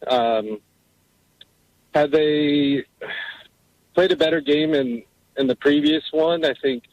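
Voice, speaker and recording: A man calling in to a sports radio show, talking hesitantly and pausing on fillers. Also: fairly high pitch, a little mellow, highs cut off. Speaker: caller. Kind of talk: call-in radio chat.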